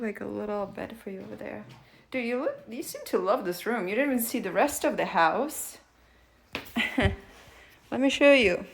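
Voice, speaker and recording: A woman chatting casually in a vlog, talking to her pet in a soft, doting voice with hushed asides. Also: mid-range voice, lively intonation, normal speed, gravelly, pauses often, slight background noise. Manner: soft, doting baby-talk with frequent laughs and hushed asides. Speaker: vlogger.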